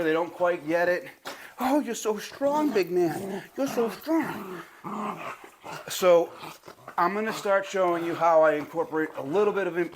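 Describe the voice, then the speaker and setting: A man explaining dog training in a loose, conversational way, his voice sitting a bit high. A faint background noise sits under the recording. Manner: talks to the viewer and praises the puppy in a high, drawn-out voice. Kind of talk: casual instructional video. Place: training a puppy, moving around.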